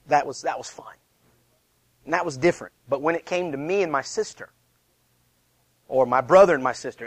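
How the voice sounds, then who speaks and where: A man's voice: medium pitch, no echo. A man in his thirties, a pastor giving a conversational, emphatic sermon full of repeated rhetorical questions. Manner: lively, conversational preaching with self-deprecating asides.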